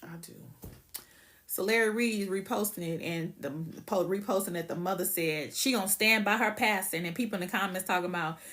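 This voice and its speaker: A woman's voice: mid-range voice, brisk, fairly bright tone. A woman hosting a casual livestream, ranting bluntly and profanely and greeting viewers by name. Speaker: livestream host.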